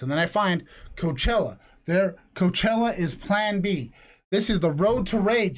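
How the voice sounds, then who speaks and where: A man's voice: sits high, expressive, normal speed, slight background noise. Rambling, profane middle-aged male host. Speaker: podcast host. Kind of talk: casual podcast chat. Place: home room apart from co-host.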